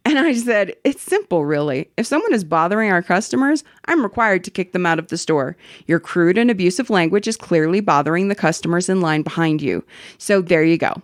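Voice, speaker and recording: Animated woman reading a listener story. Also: on the low side, fairly quick, dry recording, clean studio sound. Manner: animated, swearing, laughing as she reads. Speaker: podcast host.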